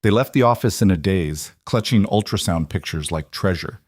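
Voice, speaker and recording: A man with a low voice narrating a scripted drama story. His reading is even and measured, and the recording is dry and close with no room sound. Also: no room sound.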